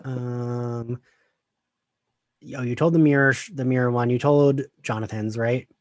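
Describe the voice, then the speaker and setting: A man co-hosting a podcast in casual chat, playful and chatty with quick interjections. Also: medium pitch, steady tone, dry recording. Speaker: podcast co-host.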